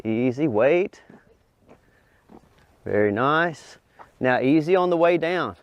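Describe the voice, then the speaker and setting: A middle-aged man, a dog trainer, explains to viewers and coaxes a big dog over an agility course with high, excited praise. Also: slow, no echo, highs cut off. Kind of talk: instructional talk while coaching a dog.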